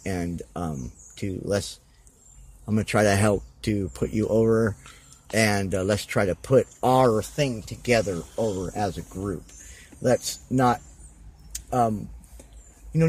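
A man's voice: lowish voice, darkish tone, breathy edge. A man talking as a podcast guest in a loose, rambling way, full of fillers and restarts. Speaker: guest, professional wrestler. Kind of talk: casual podcast interview.

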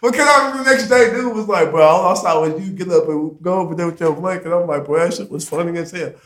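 A young man in casual chat, telling a long story in a rambling, profane, slang-filled way with many fillers, and laughing loudly at the funny parts. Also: a little high, fast talker.

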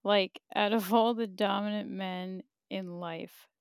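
Slow, gravelly-voiced woman podcast host. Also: mid-range voice, steady tone, dry recording, studio quality. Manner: candid, profane, laughs often. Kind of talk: casual live-stream chat reading comments.

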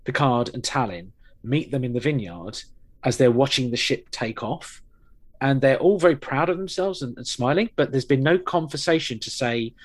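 Casting: male podcast co-host, rambling and wry, mid pitch. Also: lively intonation, normal speed. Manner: rambling, wry, with many fillers and restarts. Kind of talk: casual chat reviewing an episode.

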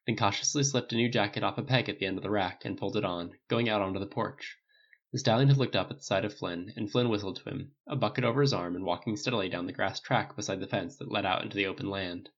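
Male narrator, lowish register, steady storybook reading, muffled recording. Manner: reads all characters with small pitch lifts in dialogue. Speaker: audiobook narrator. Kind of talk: scripted narration.

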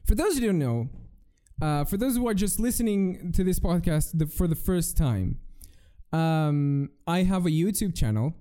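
A man's voice: high voice, animated, moderate pace, warm tone. A young man hosting a solo podcast, telling rambling, profane stories with many restarts. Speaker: podcast host. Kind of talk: casual solo podcast rant.

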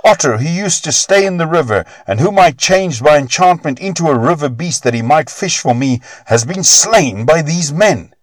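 Guy doing a shrill greedy old sorcerer, shrieky and jumpy, storybook reading. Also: expressive, moderate pace, hardly any pauses, no echo. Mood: shrieking. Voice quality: shrieking, high-pitched. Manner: archaic, demanding. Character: old male sorcerer-smith, shrill and grasping.

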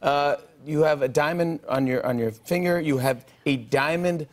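A man's voice: on the high side, moderate pace. A man hosting a late-night talk show, chatting casually with a guest, laughing and restarting his sentences. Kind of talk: casual interview chat.

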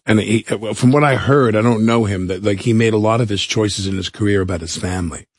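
A man's voice: lowish voice, quick pace, dry recording. A man who is a guest actor on an interview show. He talks animatedly, repeats himself and acts out voices. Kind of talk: casual interview talk.

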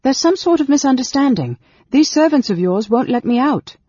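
Picture a bewildered young elf prince, voice pitched high and pushed loud as he protests, as a male reader puts him on. The tone carries a husky grain. It sounds dry and a little dull, like a lo-fi audiobook recording. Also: a little fast, no echo. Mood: indignant.

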